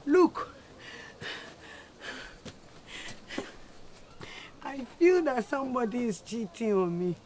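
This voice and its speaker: A woman plays a suspicious, melodramatic woman who pays the household bills. She complains loudly and makes a drama of everything. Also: on the high side, sing-song, moderate pace, a little hiss or hum.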